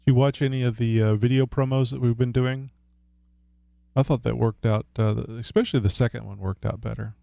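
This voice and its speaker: Gravelly-voiced man in casual chat. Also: mid-range voice, steady tone, fairly quick, dark tone, no room sound. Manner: joking, rambling, fiddles with his setup while talking. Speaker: podcast co-host.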